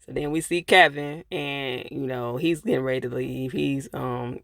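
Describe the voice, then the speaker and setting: A man's voice: medium pitch, moderate pace, creaky, a bit bright, dry recording. A man casually retelling a TV episode, with loose, chatty asides. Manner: loose, conversational retelling with lots of filler asides. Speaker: TV episode reviewer.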